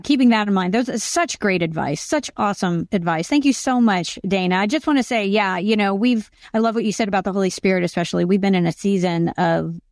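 A middle-aged woman hosts a casual Christian podcast interview, speaking earnestly and affirming her guest with frequent mm-hmms. Her mid-range voice moves briskly with hardly any pauses. The sound is clean studio audio without echo.

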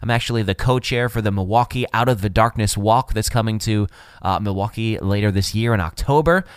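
A man's voice: on the low side, fairly quick, clean tone, dry recording. A man in his thirties from Wisconsin, a chatty, jokey podcast host telling stories. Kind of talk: casual monologue.

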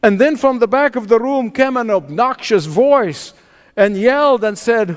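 A man preaching a sermon, telling a story in a dramatic, deliberate way in a church. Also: very high-pitched, lively intonation, long reverb tail.

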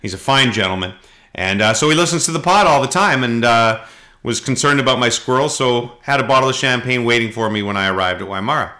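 A middle-aged man hosting a casual podcast, telling rambling anecdotes full of halting fillers. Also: medium pitch, bright, forceful tone. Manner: rambling storyteller, frequent halting fillers, does voices in anecdotes. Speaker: podcast host.

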